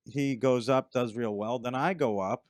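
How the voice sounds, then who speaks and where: A man's voice: mid-range voice, moderate pace, a little mellow, no room sound, clean studio sound. A middle-aged man, a stand-up comedian, telling long rambling anecdotes in a casual chat and acting out other people's lines. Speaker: stand-up comedian, podcast guest.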